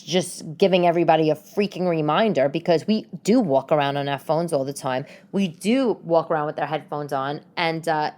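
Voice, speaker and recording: A woman's voice: low voice, moderate pace, few pauses, darkish tone. A woman, rambling casually as a podcast host from her home, with frequent restarts. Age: late 30s. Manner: chatty, rambling, many restarts. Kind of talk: casual solo podcast chat.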